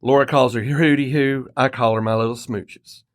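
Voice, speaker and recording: A middle-aged man hosting a podcast, telling a casual story in an animated way and acting out the quoted lines. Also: mid-range voice, moderate pace. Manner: animated anecdote teller, acts out quoted dialogue. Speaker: podcast host. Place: Colorado home.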